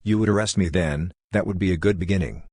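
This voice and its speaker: A man with a low, deep voice reads a literary novel aloud as a first-person monologue. His delivery is measured and deliberate. The sound is dry and close, with no room around it. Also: a little mellow, breathy edge, no echo. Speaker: audiobook reader. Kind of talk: literary audiobook narration.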